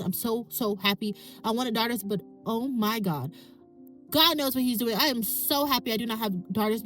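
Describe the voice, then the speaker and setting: A woman hosting a podcast, speaking in an impassioned, ranting monologue. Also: medium pitch. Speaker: podcast host. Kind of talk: emotional monologue.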